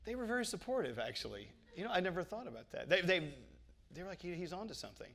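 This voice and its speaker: A radio host, telling stories in an animated, jokey way on stage before a live audience. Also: male voice, high voice, quick pace, gravelly. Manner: animated storyteller, jokey and profane. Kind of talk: stage interview.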